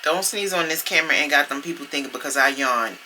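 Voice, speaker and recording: A woman's voice: low-pitched, quick pace, bright, forceful tone, slight background noise, poor audio. A woman, talking casually to camera at home in a vlog, chatty and playful, laughing as she goes. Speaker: vlogger. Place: home room with the heat running.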